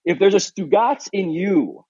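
A husky-voiced man in his thirties from New York talks in a loose, rambling, earnest way, full of "like" and restarts. He sounds short on sleep. The sound is dry and slightly muffled, as if it comes over a remote line. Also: high voice, animated, unhurried, dark tone, no echo. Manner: rambling, earnest, many fillers. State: sleep-deprived new father. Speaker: podcast co-host. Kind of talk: casual remote chat.

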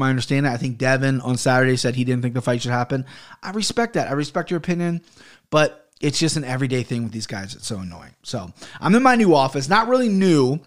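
A man hosting his own podcast from a home studio office, ranting heatedly and swearing often. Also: a little high. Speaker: podcast host. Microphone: studio mic on an arm.

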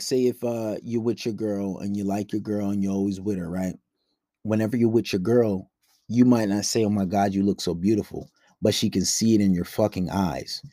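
A man's voice: lowish voice, mellow, dry recording, clean studio sound. A man giving blunt, profane dating advice in a casual monologue, acting out quoted dialogue between couples.

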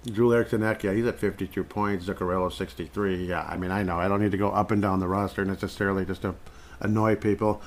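A man hosting a sports podcast in a loose, rambling way. His voice sits a little low, and he chuckles often as he thinks out loud. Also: steady tone, fast. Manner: rambling, chuckles between thoughts. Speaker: podcast host. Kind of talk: casual sports chat.

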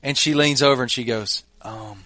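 A man's voice: medium pitch, normal speed, fairly bright tone, dry recording. Laid-back man telling funny stories. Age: middle-aged. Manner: laid-back, chuckling anecdotes. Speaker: podcast host. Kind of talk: casual storytelling chat.

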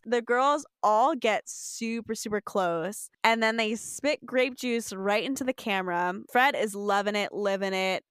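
A woman's voice: mid-range voice, unhurried, few pauses, fairly bright tone, clear, resonant tone, dry recording, studio quality. A young woman co-hosting a casual podcast, recapping an episode, laughing often and swearing freely. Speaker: podcast co-host.

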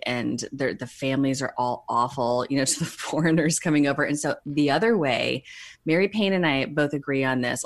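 A woman with a low, full voice chats eagerly as a podcast co-host. She talks in a loose, excited way and laughs often. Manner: chatty, enthusiastic, laughs often. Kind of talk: casual chat.

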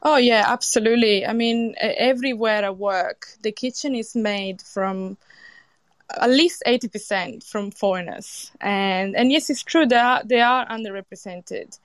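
A woman from Sicily, a chef with an Italian accent and a British tinge, talking as a guest in a casual interview, lively and expressive with frequent restarts. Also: on the high side, moderate pace, dry recording. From Sicily, Italy. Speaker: chef and event organiser, guest.

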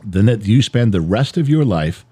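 A man's voice: fairly low pitch, expressive, moderate pace, dark tone, breathy edge. A middle-aged man, a podcast co-host and father, talking through a heated personal monologue in an emphatic, repetitive way and swearing now and then. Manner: emphatic, repetitive, swears, builds an extended metaphor.

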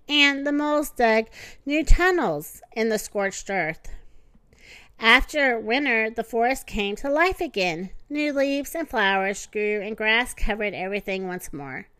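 A woman reading a children's storybook aloud, gentle and expressive. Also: a little high, clear, resonant tone, dry recording. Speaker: narrator.

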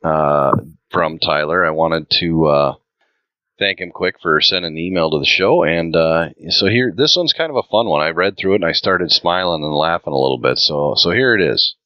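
A man hosting a casual podcast, easygoing and quick to laugh, with lots of fillers as he reads a listener email. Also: sits low, no room sound, lo-fi sound. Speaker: podcast host.

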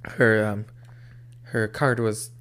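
A man's voice: fairly low pitch, little pitch movement, a bit bright. A young man chatting casually with a friend, hesitating often and restarting his sentences. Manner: halting, many fillers and restarts. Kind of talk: casual chat between friends.

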